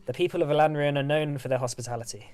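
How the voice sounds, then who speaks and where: A man's voice: a little high, very fast, darkish tone, clean tone, natural voice. A man voicing a gracious, middle-aged male elf lord who speaks in a formal, welcoming way. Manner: formal, welcoming, stately phrasing.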